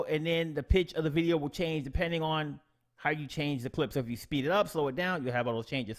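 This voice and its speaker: Upbeat slangy man hosting a live stream. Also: a little high. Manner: upbeat, slangy, chatty, reads chat shout-outs aloud. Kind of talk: casual live stream tutorial.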